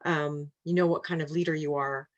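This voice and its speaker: Lower-voiced woman hosting a webinar. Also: a little fast, highs cut off. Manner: relaxed, affirming, reads questions aloud. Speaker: webinar host reading audience questions. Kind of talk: casual moderated webinar conversation. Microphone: video call.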